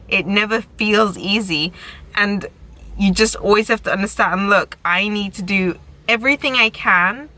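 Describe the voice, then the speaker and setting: A woman's voice: mid-range voice, sharp tone, poor audio. Frank, chatty woman vlogging outdoors. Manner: frank, chatty, encouraging, swears casually. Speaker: vlogger and recovery coach. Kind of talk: casual advice vlog. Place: outdoors by a road with passing cars. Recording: faint traffic noise behind.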